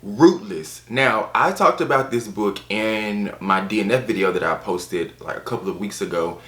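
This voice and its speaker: An American man reviewing books in a sassy, animated casual chat, repeating phrases for emphasis. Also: lowish voice, moderate pace, roomy sound. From United States. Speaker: book reviewer.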